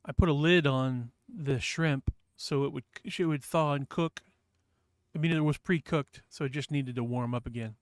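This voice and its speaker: This New Hampshire streamer talks at a moderate pace in a slightly high voice, recorded clean with no room echo. He's chatty and meandering, reading viewers' messages out loud during casual conversation.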